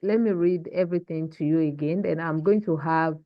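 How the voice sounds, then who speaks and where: A woman teaching Portuguese in an online class, modeling words slowly and checking in with "okay?" and "hmm?" over a video call. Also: deep voice, no room sound. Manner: slow, deliberate modeling of pronunciation. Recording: dull lo-fi call audio.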